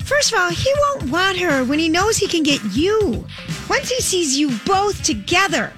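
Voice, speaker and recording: Woman doing a manipulative teen girl, very high squeaky voice, bouncy sing-song delivery, music underneath. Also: big pitch swings. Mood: scheming, gossipy. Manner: fast, chirpy, high-pitched teen girl voice. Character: manipulative scheming teenage girl, gossipy and bubbly. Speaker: actor reading old high school notes.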